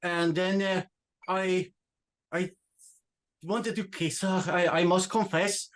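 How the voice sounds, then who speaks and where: A man voicing a lovesick young Swedish immigrant who hunts monsters, speaking with a put-on Swedish accent and halting English. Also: high-pitched, steady tone. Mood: dreamy. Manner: halting, searching for English words. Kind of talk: tabletop role-play in character.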